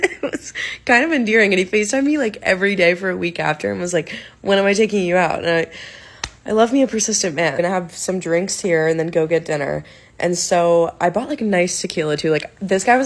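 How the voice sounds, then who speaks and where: Young woman with a lowish voice, telling a dating story quickly and bluntly. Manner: chatty, blunt, swears freely. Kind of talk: casual storytelling.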